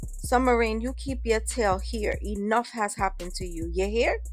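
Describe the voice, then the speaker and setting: A woman's voice: a little high, normal speed, faint music behind, natural voice. A woman playing a stern, scolding mother. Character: protective stern mother, sharp-tongued.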